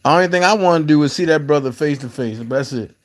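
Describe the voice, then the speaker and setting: A man's voice: a little high, fast talker, a little hiss or hum. A man with hosting a live call-in stream, joking and boastful in casual chat.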